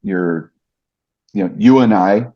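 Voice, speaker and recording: A man's voice: fairly low pitch, slow pace. A middle-aged man, a podcast guest, telling stories earnestly and reflectively with many restarts. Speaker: podcast guest, fight announcer. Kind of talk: casual interview storytelling. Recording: dull lo-fi podcast audio.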